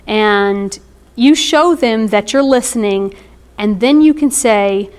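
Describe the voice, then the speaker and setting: A woman's voice: fairly high pitch, slow, clear, resonant tone. A woman in her thirties giving an informal presentation on emotional wellness, conversational and explanatory, with frequent ums and asides.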